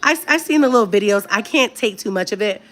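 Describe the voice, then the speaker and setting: A woman's voice: medium pitch, lively intonation, fast, a bit bright. A woman hosting a casual livestream chat, talking candidly and directly to her viewers. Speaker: livestream host.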